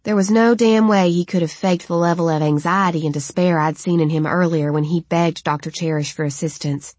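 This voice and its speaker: A woman reading a first-person novel aloud in a steady, even storytelling voice. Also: fairly low pitch, a little fast, no room sound. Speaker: audiobook narrator.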